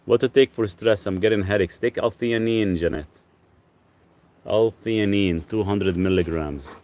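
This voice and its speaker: A man with a lowish voice hosts a casual livestream and answers viewers' health questions one after another. He talks in a loose, rambling way, full of fillers and restarts. Faint noise hums behind him. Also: measured pace. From Lebanon. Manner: relaxed, rambling, talks softly to his dog between questions. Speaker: health channel host answering live chat.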